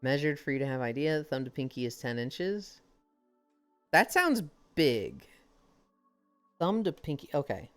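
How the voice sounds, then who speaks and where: A young adult woman streaming and chatting casually, telling stories with lively acted-out quotes. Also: very deep voice, measured pace, pauses often, faint music behind. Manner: animated storyteller, acts out quoted characters. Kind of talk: casual chat.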